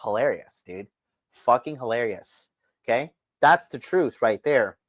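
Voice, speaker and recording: A man's voice: mid-range voice, lively intonation, measured pace, no room sound. A man hosting a livestream, delivering a profane, combative rant and talking straight to his chat. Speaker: livestream host. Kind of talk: ranting livestream commentary.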